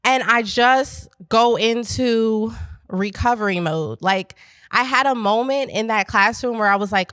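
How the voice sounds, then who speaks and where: A middle-aged woman from Pennsylvania, a business founder, telling a lively story to a live audience and talking straight to the crowd. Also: fairly high pitch, unhurried, smooth, dry recording. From Pennsylvania, USA. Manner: animated, chatty, addresses the crowd directly. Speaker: business founder speaking at an event. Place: event space at a coworking venue.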